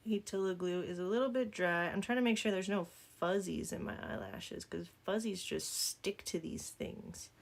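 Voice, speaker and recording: Southern woman, vlogger type, gravelly fry in her voice, joking and rambling as she works. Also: medium pitch, moderate pace, few pauses. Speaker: makeup vlogger. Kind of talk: casual chatty tutorial.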